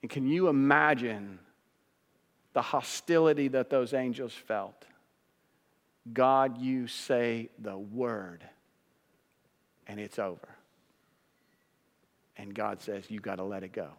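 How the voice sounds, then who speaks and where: A male pastor preaching a sermon, shifting from hushed, low passages to loud, high-pitched peaks. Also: takes it slowly, long pauses. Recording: long hall reverb.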